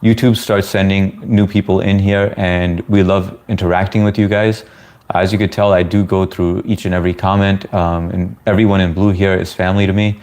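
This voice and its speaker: A man's voice: low-pitched, little pitch movement, moderate pace, darkish tone. A man from the US chatting casually with viewers on a livestream, laid-back and talkative. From United States. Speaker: live streamer answering chat.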